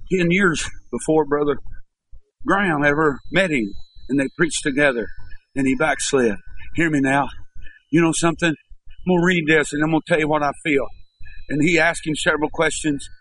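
Preacher, man, fervent sermon delivery, a touch high-pitched, climbs to shouting calls. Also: steady tone, normal speed, poor audio. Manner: impassioned, rising to shouted appeals. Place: church.

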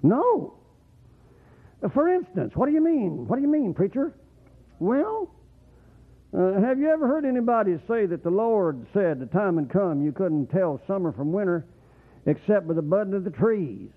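Folksy preacher on tinny radio. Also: male voice, sits high, sing-song, normal speed. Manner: rambling, folksy, swoops up into whoops. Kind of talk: folksy sermon. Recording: tinny phone-like radio broadcast.

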